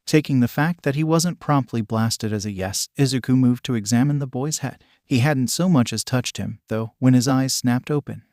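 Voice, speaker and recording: A man narrating fan fiction in a steady, plain reading voice. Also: mid-range voice, normal speed, hardly any pauses, no echo, clean studio sound.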